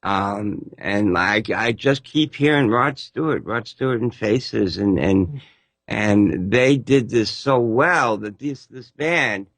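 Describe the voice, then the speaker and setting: A man's voice: on the low side, slow pace, a bit bright, no room sound. An older man giving a blunt, joking critique as a regular panelist on a music review show. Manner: blunt, joking, rambling restarts.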